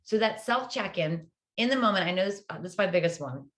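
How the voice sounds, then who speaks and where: A woman with a mid-range voice, lively intonation, and a fairly quick pace appears as a guest in a casual interview. An upbeat public health educator, she explains ideas and frequently tacks on "right?"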